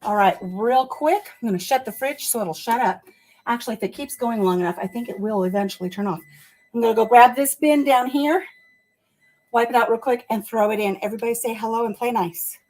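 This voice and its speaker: A woman's voice: on the high side, a little fast, a little mellow. A woman chatting casually with her livestream viewers as she cleans out her kitchen fridge, a little out of breath. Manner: chatty, talks to viewers while working. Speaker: livestream host. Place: home kitchen.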